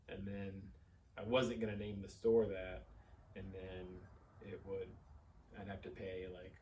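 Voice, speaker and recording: A comic shop owner being interviewed, rambling and trailing off softly as he explains. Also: fairly low pitch, slight background noise. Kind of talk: on-camera interview. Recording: distant mic with faint ambience.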